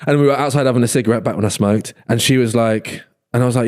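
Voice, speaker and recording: A man's voice: medium pitch, fast talker. A man in his thirties, a podcast guest joking and telling stories in casual chat. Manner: joking, animated storyteller who laughs often.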